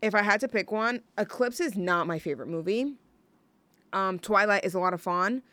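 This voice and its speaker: A woman's voice: mid-range voice, normal speed, pushed and bright, no echo. A young woman hosting a college radio show, chatting on her own in a rambling, gushing way full of fillers and restarts. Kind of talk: casual solo radio chat.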